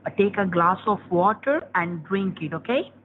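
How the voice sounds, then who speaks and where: A man's voice: sits high, expressive, normal speed, slight background noise. A man on a scam phone call, speaking broken English and pushing hard, then coaxing. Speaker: scam caller.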